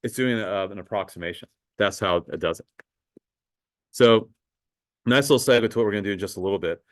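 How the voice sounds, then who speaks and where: Casual low-voiced male math teacher. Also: brisk, rough recording. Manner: casual, talks to students as guys, thinks aloud with fillers. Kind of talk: classroom lecture.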